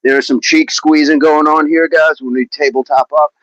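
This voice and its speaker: His voice runs on the high side, a bit bright, with flat delivery at normal speed. Hosting a daily fitness livestream, he stretches, chats casually, and reads viewer comments aloud playfully, all in a dull, dry, lo-fi recording.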